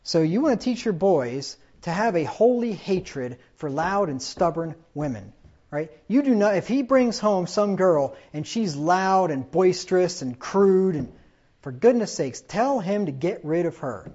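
A man's voice: high-pitched, animated, measured pace, dark tone. Conversational male preacher, lo-fi. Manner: conversational, with tag questions and quoted dialogue. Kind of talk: sermon.

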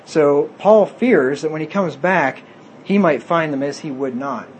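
A man's voice: on the high side, a little slow, a little hiss or hum, low-quality recording. A man preaching a sermon, reading scripture aloud and explaining it plainly.

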